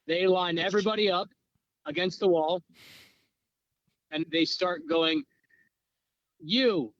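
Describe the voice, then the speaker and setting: Man, podcast co-host, crude animated storyteller, high voice, dry lo-fi sound. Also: a little slow, no echo. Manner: crude, animated, pitch jumps for quoted voices. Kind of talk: improvised comedic storytelling.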